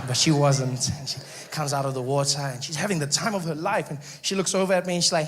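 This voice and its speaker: A man's voice: a little high, fairly even intonation, quick pace, slight background noise. A man from South Africa with a South African accent, performing stand-up comedy and acting out the people in his story. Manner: storytelling with acted-out voices and asides.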